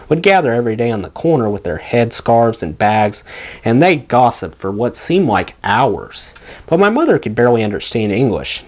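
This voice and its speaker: A man reads a memoir aloud, his pitch rising and falling freely. The recording sounds dull and lo-fi. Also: darkish tone. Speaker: audiobook reader.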